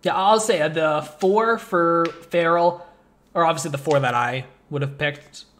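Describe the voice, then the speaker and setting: A man chatting about films on a casual podcast, his voice sitting a bit high. He rambles, stacks up fillers and grows animated as he goes. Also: unhurried. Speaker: podcast host. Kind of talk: casual movie podcast chat.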